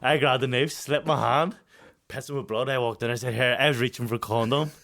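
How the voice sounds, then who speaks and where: Speaking in a mid-range voice at a fairly quick clip, a Northern Irish co-host in his thirties tells a story in casual podcast chat. He swears a lot, stays animated, and often laughs mid-story.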